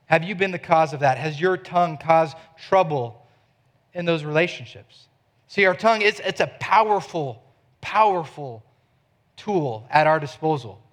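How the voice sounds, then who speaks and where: A man's voice: fairly high pitch, expressive, moderate pace, a bit bright. A man in his thirties, a pastor preaching a sermon, who keeps pressing his listeners with direct questions.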